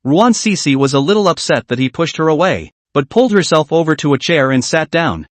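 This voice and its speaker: Man narrating a comic recap, lively pitch. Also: brisk, no room sound.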